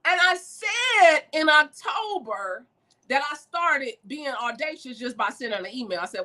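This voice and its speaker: A woman giving a preacherly motivational talk, calling listeners baby and swinging from shouts to hushed lines. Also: sits high, sing-song, unhurried. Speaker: motivational speaker.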